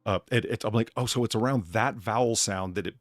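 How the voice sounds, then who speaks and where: A man hosting a casual chat stream, talking in an animated way and swearing freely, with faint music behind him. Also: lowish voice, brisk, no echo. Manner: animated, swearing, laughs at own jokes. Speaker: streamer host, bartender of the show.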